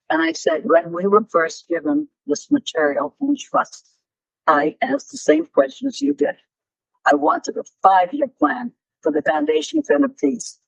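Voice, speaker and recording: A woman's voice: sits high, unhurried, creaky, dry recording. An older woman telling stories in a Q&A talk, acting out the voices of people in her anecdotes. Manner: animated, acts out dialogue in stories. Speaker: guest speaker. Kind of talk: storytelling talk with Q&A. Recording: dull, lo-fi dry recording.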